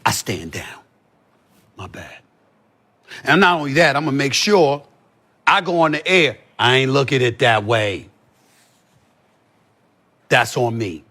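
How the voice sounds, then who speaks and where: A man's voice: medium pitch, expressive, measured pace, pauses often, pushed and bright. A man talking in a heated, profane podcast conversation, pressing his points again and again. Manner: emphatic, profane, repeats points. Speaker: sports commentator as podcast guest.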